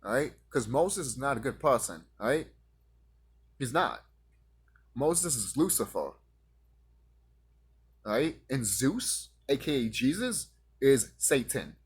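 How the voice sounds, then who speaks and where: A man delivering a profane, confrontational rant straight at his audience, now and then mocking his critics in a higher voice. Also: sing-song, slow, long pauses, husky. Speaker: vlogger ranting to camera.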